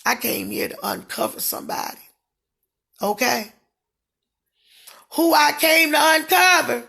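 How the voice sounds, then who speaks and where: A middle-aged woman in a fiery live-stream rant with a preacher's cadence, swinging between shouting and dropping her voice low. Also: expressive, unhurried, vocal fry. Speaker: prophetess.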